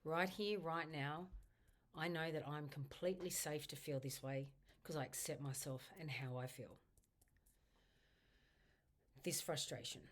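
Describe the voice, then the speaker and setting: A woman leading a guided tapping exercise, speaking slow, repetitive first-person affirmations. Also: deep voice. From Australia. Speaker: EFT tapping instructor. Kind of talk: guided tapping script spoken aloud.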